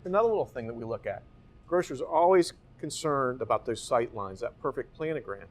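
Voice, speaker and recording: A man's voice: mid-range voice, animated, a little fast. Man leading a grocery store tour. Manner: rhetorical questions, pointing things out. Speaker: real estate company guide. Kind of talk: walking store tour presentation.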